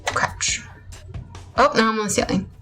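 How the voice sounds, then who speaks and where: A woman's voice: fairly high pitch, a little slow, pushed and bright. A woman casually commenting on her gameplay, rambling and poking fun at herself. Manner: chatty, rambling, self-mocking. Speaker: gamer narrating her play. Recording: faint music behind.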